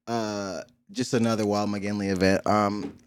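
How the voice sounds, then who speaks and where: A man's voice: fairly low pitch, flat delivery, measured pace, smooth. A man telling a story in a casual podcast chat, laughing often and acting out noises. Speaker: podcast co-host.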